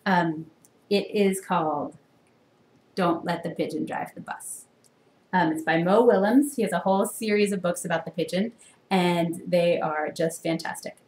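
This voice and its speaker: A woman's voice: on the low side, darkish tone. A woman university instructor giving a recorded lecture in a conversational way, with frequent fillers. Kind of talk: recorded lecture with read-aloud. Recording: echoey room.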